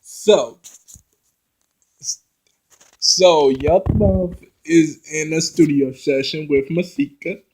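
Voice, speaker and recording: A man with a fairly high voice talks his viewers through a reality show episode. He speaks slowly and loosely, addressing the audience directly and stumbling over restarts when a scene gets him going. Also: a little mellow, slight background noise, poor audio. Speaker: reality TV recap vlogger. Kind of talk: casual episode recap.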